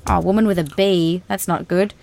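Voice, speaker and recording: A woman's voice: on the low side, fairly even intonation, moderate pace, gravelly, darkish tone, faint music behind. A woman, chatting casually in a bubbly, talkative and teasing way. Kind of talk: casual chat.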